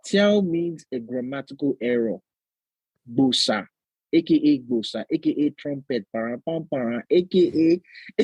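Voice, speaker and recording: A man with a Nigerian-American accent, hosting a casual podcast chat and telling animated stories full of slang and laughter. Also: on the high side, measured pace, vocal fry, slightly rough, no room sound, muffled recording. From United States. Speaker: podcast host.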